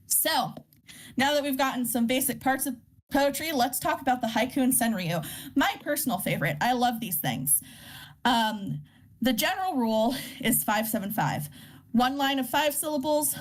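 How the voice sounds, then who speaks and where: A woman's voice: high voice, expressive, normal speed. A woman hosting a casual poetry workshop, explaining terms with many fillers and restarts and reading poems aloud. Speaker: workshop host teaching poetry. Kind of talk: informal live lesson.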